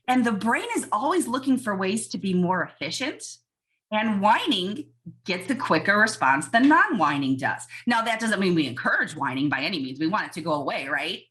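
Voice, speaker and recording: Animated woman giving parenting advice. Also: mid-range voice. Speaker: pediatrician guest. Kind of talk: casual podcast interview.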